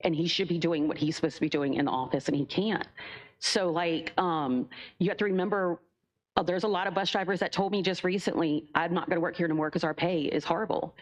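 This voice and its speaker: A woman's voice: on the low side, a little fast. A young woman, a school bus driver, speaking nervously and emotionally during public comment, with many fillers. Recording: dull lo-fi meeting recording.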